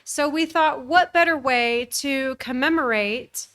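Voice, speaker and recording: A woman's voice: high voice, a little slow, a bit bright. A young American woman co-hosting a casual travel podcast, opinionated and emphatic. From United States. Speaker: podcast co-host. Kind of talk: casual chat.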